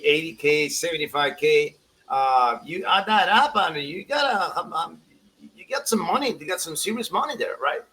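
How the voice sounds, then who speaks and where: Animated man chatting about soccer. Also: fairly high pitch, normal speed, poor audio. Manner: animated, laughing, many restarts. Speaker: soccer show co-host. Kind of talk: casual sports chat.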